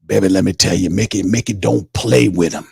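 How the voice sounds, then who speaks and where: A man voicing a smooth-talking male preacher who calls everyone baby in a drawl. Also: sits low, fairly quick, warm tone, no room sound, clean studio sound, full character voice. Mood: boastful. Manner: drawling, repeats "baby" constantly.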